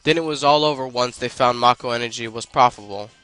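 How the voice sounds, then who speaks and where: A bitter middle-aged rocket pilot who curses at everyone, as a man reads him aloud. His voice is bright and forceful, swearing his way through his grievances. Quiet game music plays behind him. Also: mid-range voice, fast, clean tone, natural voice, rough recording. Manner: swearing, grumbling, stumbling over lines.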